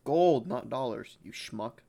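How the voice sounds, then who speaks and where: A man's voice: mid-range voice, expressive, slow pace, vocal fry, mellow, dry recording. A man playing a tabletop game, tossing in sarcastic, swearing asides. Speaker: player. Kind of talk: casual tabletop game chat.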